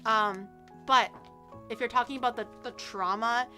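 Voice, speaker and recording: A woman streamer chats casually and tells animated stories. Her voice sits high and bright. Soft music plays underneath. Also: moderate pace. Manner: animated storytelling with laughs. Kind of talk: casual chat.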